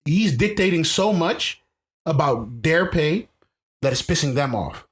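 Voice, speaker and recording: A man's voice: a little high, expressive, unhurried. A man co-hosting a casual podcast, talking emphatically, repeating himself and restarting sentences. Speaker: podcast co-host. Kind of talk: casual chat.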